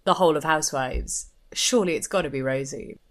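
A young woman co-hosting a podcast in casual chat, enthusiastic and quick to laugh. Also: deep voice, expressive. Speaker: podcast co-host.

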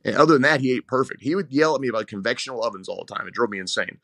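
A man who is a head wrestling coach, telling rambling, animated stories in a casual interview and often repeating his words. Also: medium pitch, very fast, no echo, studio quality.

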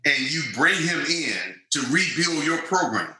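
Animated storytelling man, bright echoey voice. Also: a little high, measured pace. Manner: animated storyteller, acts out quotes. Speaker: guest, former football player. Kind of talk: storytelling interview.

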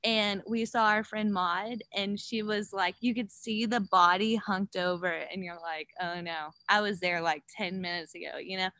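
A woman chatting casually as a podcast guest, an animated storyteller who acts out quotes, with many fillers. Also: mid-range voice, moderate pace, few pauses, no echo. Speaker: guest, gravel bike racer.

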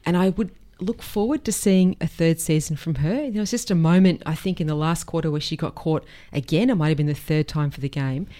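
A woman's voice: low voice, fairly quick, few pauses, warm tone. A woman co-hosting a sports podcast, giving opinionated, enthusiastic analysis in casual chat. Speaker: podcast co-host.

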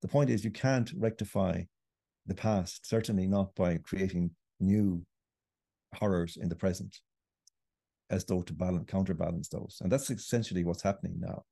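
A man's voice: low-pitched, steady tone, moderate pace, vocal fry, dark tone, no echo, studio quality. A middle-aged Irish man, a writer and podcast guest, making a long, earnest argument. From Ireland. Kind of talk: podcast interview.

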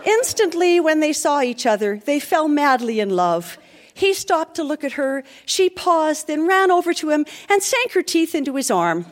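A woman reading a dark comic story aloud in an animated, playful way. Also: sits high, normal speed.

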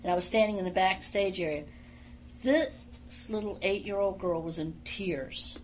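Middle-aged woman, studio guest on a radio talk show, emphatic and animated, mid-pitched, faint background noise. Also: unhurried. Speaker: guest, former wrestler. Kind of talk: casual radio interview storytelling.

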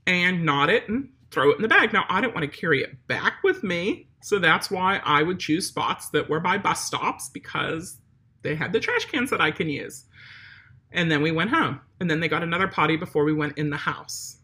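A woman's voice: lowish voice, lively intonation, moderate pace, pushed and bright. A woman dog trainer giving direct, chatty instructions on potty training a dog, talking straight to the viewer. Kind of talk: instructional talk.

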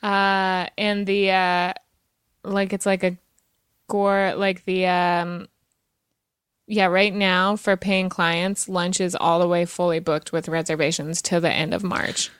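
Woman, podcast host, casual chat, smooth clear voice, dry close sound, giggly and chatty. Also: on the low side, flat delivery, takes it slowly, fairly bright tone, no echo. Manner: chatty, giggly, many fillers.

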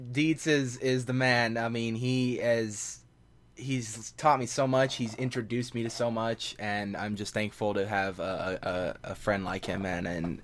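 A man's voice: mid-range voice, a bit bright. Laid-back man hosting a podcast. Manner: laid-back, affirming, says "man" and "dude". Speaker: podcast host. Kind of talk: casual interview chat.

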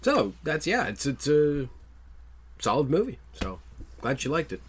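A man's voice: fairly high pitch, wildly swooping pitch, a little slow, a little hiss or hum. A man co-hosting a movie podcast, bantering playfully with mock outrage. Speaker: podcast co-host. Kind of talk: casual chat.

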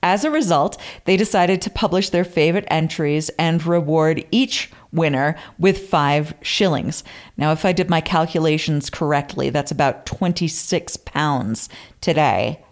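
A woman's voice: low-pitched, measured pace. Amused woman reading old letters aloud. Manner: amused, reads quotes with theatrical flourish. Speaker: podcast co-host.

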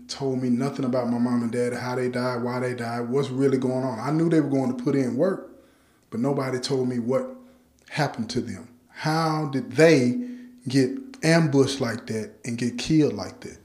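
A man's voice: mid-range voice, darkish tone, echoey room. A man from Chicago recounting his life story to listeners in street slang, often turning to address them directly. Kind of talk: personal life story told to an audience.

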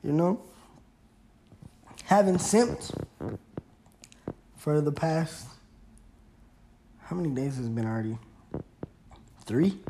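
A man's voice: fairly high pitch, lively intonation, takes it slowly, long pauses, mellow, a little hiss or hum. A young man hosting his own podcast, chatting casually and rambling in laid-back slang. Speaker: podcast host. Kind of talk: casual solo podcast chat.

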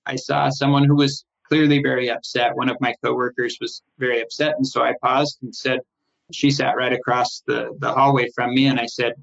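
Middle-aged man, firm manager, recounts anecdotes animatedly with mid pitch; slightly dull recording. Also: moderate pace, vocal fry. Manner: animated, rises in pitch when quoting others, frequent restarts. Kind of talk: conversational storytelling interview. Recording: slightly muffled, lo-fi sound.

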